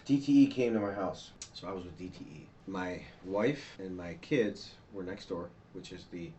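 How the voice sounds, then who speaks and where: A man giving a rambling, fast account to police as a witness, restarting sentences and sketching a map while he talks. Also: sits low, dark tone, a little hiss or hum. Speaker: witness being interviewed by police. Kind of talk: police interview statement.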